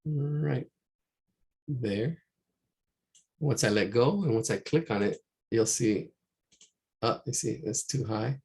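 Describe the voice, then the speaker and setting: A man's voice: mid-range voice, slow pace, gravelly, pauses often, a little mellow. A man teaching a live online drawing class, talking casually and repeating himself as he works through a painting on a shared screen. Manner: casual, rambling, repeats himself while working. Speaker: art teacher. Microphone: computer mic during a screen share.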